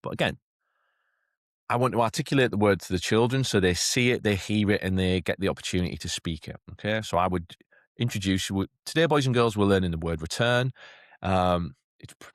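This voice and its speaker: A man giving a chatty teacher training talk, often checking in with "okay?" and lifting into a bright classroom voice to demonstrate. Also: sits low, a little fast, dry recording, studio quality. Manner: chatty, keeps asking "okay?".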